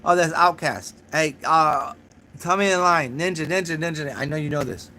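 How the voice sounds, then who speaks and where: A man's voice: fairly high pitch, moderate pace, sharp tone, a little hiss or hum. A young man hosting a casual livestream, talking to his chat in a rambling, profane way, a little drunk and laughing at his own jokes. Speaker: channel host answering live chat.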